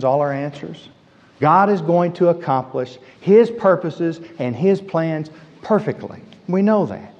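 A fairly high-voiced man preaches with emphasis, repeating lines to drive them home. His voice rings through a hall with a long tail of reverb. The recording is dull and lo-fi. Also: a little mellow. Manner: emphatic, repeats key phrases. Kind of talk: sermon.

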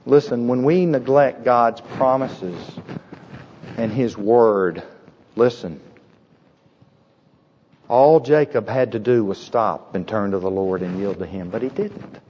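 A man preaching a sermon with a husky voice, emphatic and repetitive, asking the congregation rhetorical questions. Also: medium pitch, slow pace, pauses often, a little mellow, long reverb tail, highs cut off, slight background noise. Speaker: pastor.

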